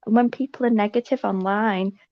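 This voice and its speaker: A woman's voice: mid-range voice, fairly even intonation, no room sound. Liverpool woman on a muffled call. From England. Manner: earnest, slowed-down, speaks up brightly. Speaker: livestream guest. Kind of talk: casual livestream chat.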